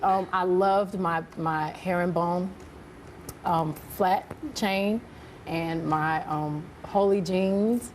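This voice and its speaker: A young woman in her twenties, a singer guest on a talk show, soft-spoken and giggly. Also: fairly low pitch, steady tone, extremely slow. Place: TV studio with live audience. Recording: studio audience and noise behind.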